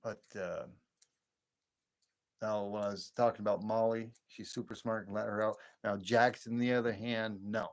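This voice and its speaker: A man with a fairly low voice hosts a relaxed late-night livestream at a normal pace. He rambles from one story to the next, laughs easily, and responds to viewers' comments as they arrive.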